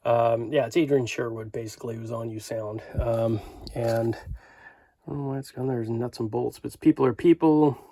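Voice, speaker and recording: A man's voice: medium pitch, fairly even intonation, normal speed, dark tone, no echo. A man in his fifties from Canada, flipping through his record collection in a rambling, enthusiastic casual vlog full of fillers.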